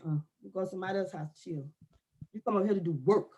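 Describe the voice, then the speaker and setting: A woman, ranting loudly and comically in casual talk, often shouting. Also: on the low side, rapid-fire, muffled recording, slight background noise. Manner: loud animated ranting with frequent shouting. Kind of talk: casual comic rant to camera.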